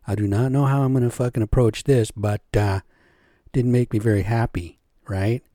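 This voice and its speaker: Mellow-voiced man telling stories. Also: mid-range voice, steady tone, moderate pace, no room sound, clean studio sound. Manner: chatty, checking in with listeners. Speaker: storyteller and vlogger. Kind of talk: casual storytelling and ranting.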